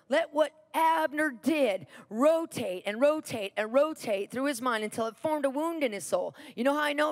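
Woman preacher with a fairly high voice who drives home a sermon story through repetition. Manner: animated Bible storytelling with repetition.

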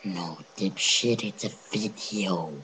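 Deep-voiced young man joking over a game. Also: takes it slowly, heavy background noise. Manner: joking, mock-dramatic, often whispering. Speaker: gamer recording a video. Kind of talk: goofy casual game commentary.

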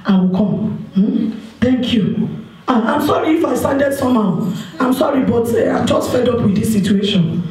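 A woman with a Nigerian accent playing a single woman desperate to marry, pleading and complaining on a phone call in a church stage drama, with bursts of shouting. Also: a little high, moderate pace, close to an everyday voice. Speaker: stage actor. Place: stage in an echoey hall. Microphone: distant mic. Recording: echoey hall, distant microphone.

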